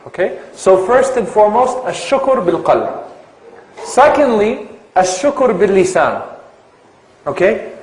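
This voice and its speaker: High-voiced man giving an Islamic lecture. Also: reverberant, low-quality recording. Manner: asks the audience questions, drawn-out emphasis on key terms. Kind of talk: religious lecture to a live audience.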